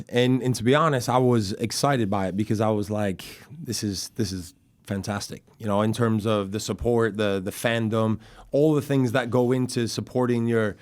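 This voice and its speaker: An American man in his forties, a guest on a podcast, talking earnestly with many restarts. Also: mid-range voice. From United States. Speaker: guest, former goalkeeper. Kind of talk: casual podcast chat.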